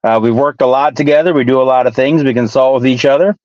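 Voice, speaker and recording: A man's voice: medium pitch, steady tone, quick pace, a little mellow, no echo, dull audio. A man hosting a casual online talk show who laughs easily and introduces guests. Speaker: host. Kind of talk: casual chat.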